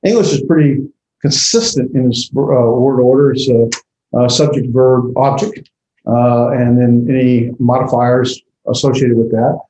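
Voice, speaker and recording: A man's voice: mid-range voice, steady tone, unhurried, dark tone, reverberant, slight background noise, rough recording. A man teaching a class in a rambling way, with many fillers and restarts, tired after a long day. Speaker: instructor. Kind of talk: classroom lecture.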